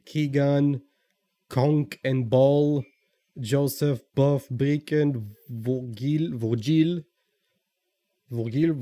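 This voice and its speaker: A man's voice: medium pitch, mellow. A man streaming live, chatting casually and greeting viewers by name one after another. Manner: greets chat viewers by name in a long list.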